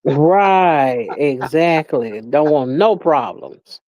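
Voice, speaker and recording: Slow talking guy on a podcast, just short agreeing replies, kinda high voice, dry dull sound. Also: lively intonation, a little mellow, dry recording. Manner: slow, brief affirming replies. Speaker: podcast co-host listening. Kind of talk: casual chat with backchannel replies.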